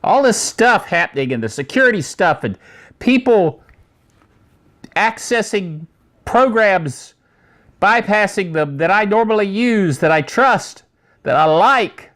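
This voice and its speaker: Lively, slow-talking male tech host. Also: sits high. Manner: rambling, chatty asides. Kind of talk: casual tech news monologue.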